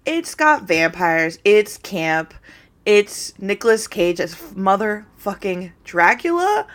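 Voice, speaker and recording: A woman co-hosting a podcast, blunt and excitable, swearing freely in casual chat. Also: medium pitch, unhurried. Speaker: podcast co-host.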